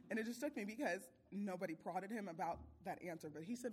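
Lady, breathy voice, telling a church mission story, teary and laughing through it. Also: medium pitch, lively intonation, fast talker. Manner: tearful, laughing between phrases. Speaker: church mission trip speaker. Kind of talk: emotional testimony.

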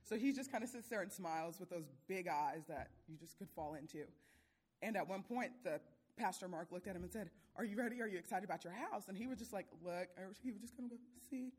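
A woman's voice: fairly low pitch, a little fast, a little mellow, slightly rough. A woman sharing a church mission trip testimony, emotional and laughing between phrases.

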